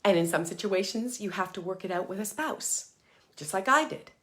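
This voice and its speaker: A woman's voice: mid-range voice, lively intonation, normal speed, a bit bright. A middle-aged woman hosting a live motivational talk for moms, earnest and emphatic, sometimes dropping to a whisper for short mantras. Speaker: parenting coach and host.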